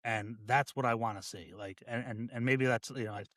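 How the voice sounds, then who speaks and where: A man who is a deputy fire chief, a guest on a podcast, speaking in a halting, reflective way with many restarts. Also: mid-range voice, fairly even intonation, a bit bright, no echo, clean studio sound. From United States. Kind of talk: casual podcast conversation.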